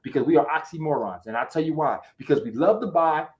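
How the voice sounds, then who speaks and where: A man as a podcast guest, giving animated, emphatic motivational talk about network marketing, with slangy street phrasing and lots of catchphrases. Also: a little high, fast talker, highs cut off. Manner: animated, emphatic, acts out quotes in other voices.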